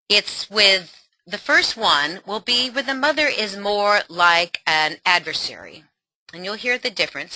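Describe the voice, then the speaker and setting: A middle-aged woman coaches parents in a webinar, animated and encouraging. Her voice is very bright and swings widely in pitch. The recording is dry and close. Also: no echo. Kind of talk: webinar teaching.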